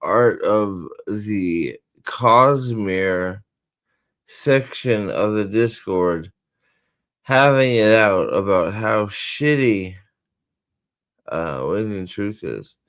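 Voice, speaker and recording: A man's voice: lowish voice, animated, very slow, a bit bright. A man hosting a livestream, rambling and joking with hesitant fillers. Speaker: streamer host. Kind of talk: casual livestream chat.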